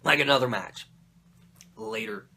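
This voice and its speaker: A man's voice: mid-range voice, measured pace, pushed and bright, a little hiss or hum, pitched below the performer's own voice. A man putting on a reluctant male wrestler who stammers and complains. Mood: whiny. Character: whiny, reluctant male wrestler, easily rattled.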